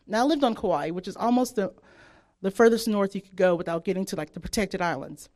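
A woman sharing a personal faith testimony in casual spoken storytelling, animated and full of "like", acting out her own past thoughts. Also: medium pitch, quick pace.

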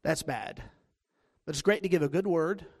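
A man's voice: on the high side, moderate pace, a little mellow, breathy edge. A man with a Southern US accent preaching a sermon, telling stories with self-deprecating humor. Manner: joking, self-deprecating storytelling.

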